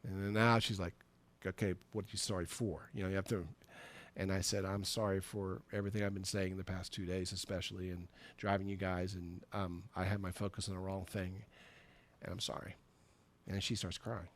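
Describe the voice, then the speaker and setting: A middle-aged man preaches from a church sanctuary, telling a personal story as a conversational sermon. His voice sits low and level and moves a little fast, and he acts out the dialogue while laughing at himself.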